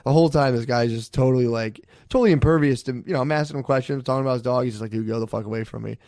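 A man's voice: medium pitch, rapid-fire, darkish tone, dry recording, clean studio sound. A man casually telling profane, laid-back stories, laughing as he talks. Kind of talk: casual storytelling chat.

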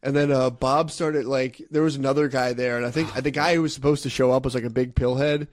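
A man's voice: medium pitch, steady tone, fairly quick. A young man from the telling rambling, profane anecdotes in casual chat, often laughing. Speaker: storyteller.

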